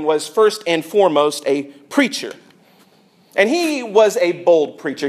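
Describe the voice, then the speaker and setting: High-voiced pastor preaching earnestly. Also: male voice. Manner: earnest, conversational preaching with dramatic emphasis. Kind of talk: sermon.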